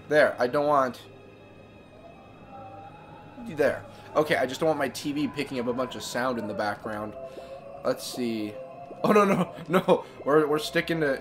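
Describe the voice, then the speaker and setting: A man's voice: mid-range voice, a bit bright. A man giving casual let's-play commentary, rambling and correcting himself as he goes. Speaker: gaming streamer.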